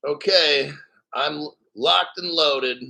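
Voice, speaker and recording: A man's voice: on the high side, slow pace, creaky, pushed and bright, rough recording. A man hosting a crypto video, reading out a news article and reacting in a hyped, boastful way. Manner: hyped, boastful, laughing often. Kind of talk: excited commentary reading an article.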